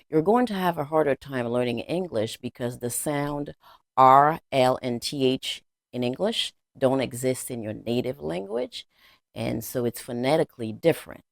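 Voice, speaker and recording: Man teacher, gravelly, dry close voice-over, plain repetitive explainer. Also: mid-range voice, no room sound. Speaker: language teacher. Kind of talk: explanatory lesson narration.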